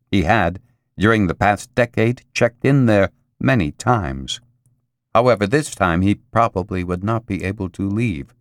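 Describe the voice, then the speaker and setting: Male audiobook narrator, measured, with dramatic pauses, very lively pitch, dry close recording. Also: dry recording. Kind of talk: scripted narration.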